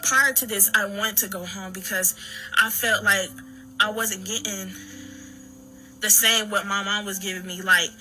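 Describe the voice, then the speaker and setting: A woman recounting her own story in halting, earnest talk full of restarts and fillers. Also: mid-range voice, fairly even intonation, sharp tone, soft background music, low-quality recording. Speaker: daughter telling her story. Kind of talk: personal account.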